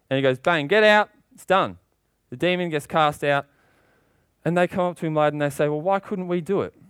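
A man's voice: clear, resonant tone, dry recording. A man preaching a sermon with passion, asking rhetorical questions and getting worked up as he goes. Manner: impassioned, rising in pitch when worked up.

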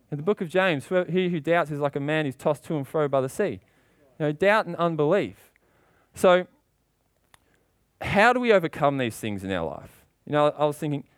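A man preaching a sermon with passion, asking rhetorical questions and getting worked up as he goes. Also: dry recording. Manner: impassioned, rising in pitch when worked up.

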